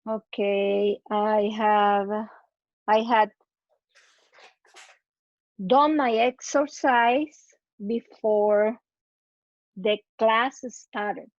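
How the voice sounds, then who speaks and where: At medium pitch and with fairly even intonation, a female English learner goes through grammar practice very slowly, leaving long pauses. She hesitates, corrects herself, and repeats words while thinking; there's no room sound and the highs are cut off.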